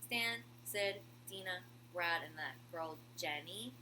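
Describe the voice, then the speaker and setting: A woman chatting casually as a video host at home, gushing and excitable, with lots of "like" in her talk. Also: on the low side, takes it slowly, noisy background. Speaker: video host reviewing a TV show. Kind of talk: casual chat. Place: room at home with a heater running.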